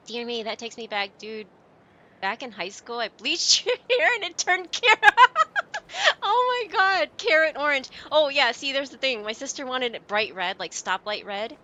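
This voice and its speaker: A woman's voice: on the high side, pushed and bright, a little hiss or hum. Giggly, chatty woman streamer. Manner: chatty, giggly, tells anecdotes. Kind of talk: casual chat with stream viewers. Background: game music.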